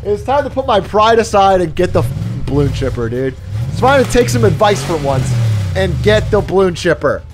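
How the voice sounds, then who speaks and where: High, lively male streamer, excitable and swearing. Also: moderate pace, over music. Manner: excitable, swears a lot, laughs often. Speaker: livestreamer. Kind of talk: live gaming commentary.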